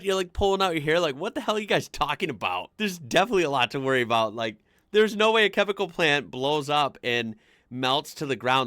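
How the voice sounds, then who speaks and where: A man's voice: mid-range voice, fairly bright tone, no echo, studio quality. An American man hosting a casual reaction video, chatting loosely with lots of "like" fillers and frequent laughter. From United States. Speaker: reaction channel host.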